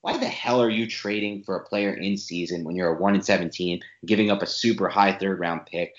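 A man's voice: deep voice, fairly even intonation. Opinionated man in a roomy podcast. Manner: opinionated, rapid argumentative breakdown. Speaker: podcast co-host. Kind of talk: sports analysis podcast. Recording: roomy, dull sound.

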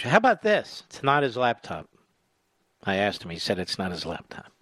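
A man's voice: lowish voice, wildly swooping pitch, moderate pace, fairly bright tone, dry recording, studio quality. A middle-aged man hosting a political talk radio show, delivering a mocking, sarcastic monologue.

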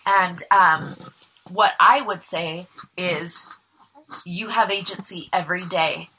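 A woman's voice: fairly low pitch, slow, bright, forceful tone, slight background noise, rough recording. A woman co-hosting a casual chat, earnestly putting questions to the group and offering advice.

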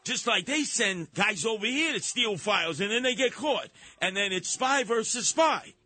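A man hosting a radio talk show, delivering a sarcastic, animated monologue. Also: sits high, normal speed. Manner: sarcastic, animated, mocking put-on voices.

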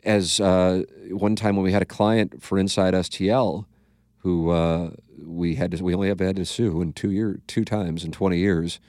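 A man's voice: deep voice, steady tone, moderate pace, darkish tone, dry recording, clean studio sound. A man with a St. hosting a podcast, telling stories in a blunt, profane, casual way and acting out quotes. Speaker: podcast host. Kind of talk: casual storytelling chat.

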